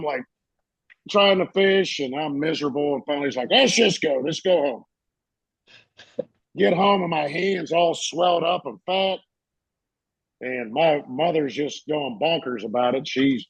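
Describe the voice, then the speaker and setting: A man, a podcast co-host telling a story in a casual, animated way and acting out the voices in it. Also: a little high, breathy edge, dry recording, muffled recording. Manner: animated, acts out voices in his stories.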